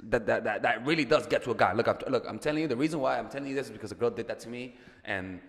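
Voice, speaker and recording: A man's voice: mid-range voice, rapid-fire, long reverb tail. A man giving casual dating advice as a coach, chatty and profane, repeating words and joking as he goes.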